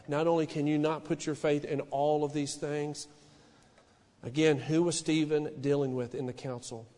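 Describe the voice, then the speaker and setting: A male pastor preaching a sermon in a church, shouting some lines and dropping to a hushed warning on others. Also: big-room sound. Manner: fervent preaching, swinging from shouted declarations to low hushed warnings. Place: church sanctuary.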